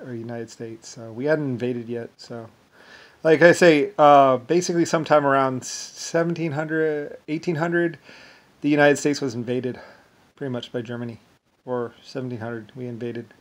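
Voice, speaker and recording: A man at an ordinary middle pitch speaks alone in a loose, rambling monologue. He wanders between thoughts, restarts sentences often and trails off into small asides.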